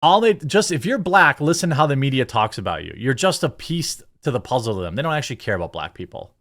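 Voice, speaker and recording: A man's voice: mid-range voice, big pitch swings, fast, fairly bright tone. Indignant ranting male commentator. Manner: indignant, sarcastic, emphatic. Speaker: commentary channel host.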